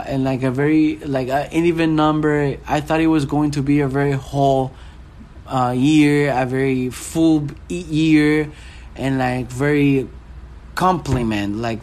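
A man's voice: on the high side, a little mellow. A young man in a casual chat, rambling and searching for words as he talks.

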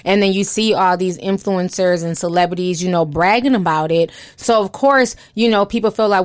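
A woman's voice: lowish voice, moderate pace, hardly any pauses, no room sound. A young woman giving casual commentary and reading posts aloud, with lots of "you know" fillers.

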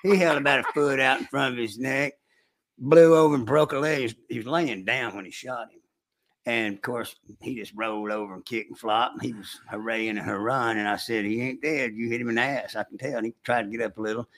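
An older man telling a hunting story in casual chat, with a folksy rural way of talking, animated when he acts out the shouting. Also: mid-range voice, fairly quick. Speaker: storyteller recounting hunting trips.

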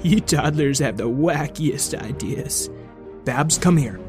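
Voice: mid-range voice, expressive, takes it slowly, music in the background. A storyteller voicing a tired, fussy mother who dotes on her children. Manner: fussing, doting.

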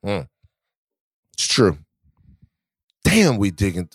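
A man's voice: on the low side, sing-song, takes it slowly, husky, dry recording, clean studio sound. A man from Baton Rouge co-hosting a podcast, telling stories in a loose, profane, casual way with lots of restarts. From Baton Rouge, Louisiana. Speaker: podcast co-host.

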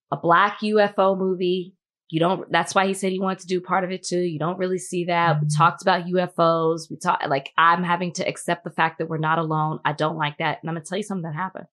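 A woman's voice: fairly low pitch, a bit bright. A woman who hosts an entertainment show, chatting casually and filling her talk with "like". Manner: chatty, many "like" fillers, acts out quoted dialogue. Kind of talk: casual chat.

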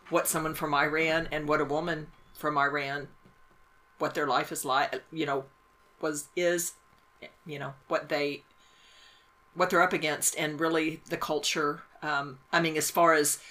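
A woman who teaches, talking casually about a film in a halting, emphatic way with many restarts. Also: low voice, sharp tone. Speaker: teacher and podcast co-host.

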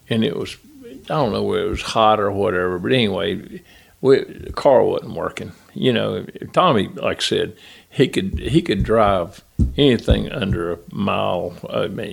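Older man, gravelly voice, folksy yarn-spinner, guest on a podcast. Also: medium pitch. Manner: folksy, animated yarn-spinning with acted quotes. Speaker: guest, former crew chief. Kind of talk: storytelling interview.

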